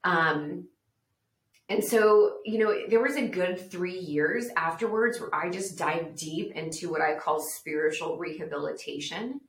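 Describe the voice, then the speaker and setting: Brief: lower-voiced woman guest, earnest testimony storytelling, echoey room. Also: measured pace. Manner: earnest, reflective, acts out quoted voices. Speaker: podcast guest speaker. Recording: roomy echo.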